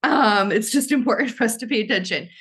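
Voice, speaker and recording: An excitable young woman hosts a casual podcast chat, gushing over everything and dropping the odd swear word. Her pitch swings widely as she enthuses. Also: brisk. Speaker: podcast host.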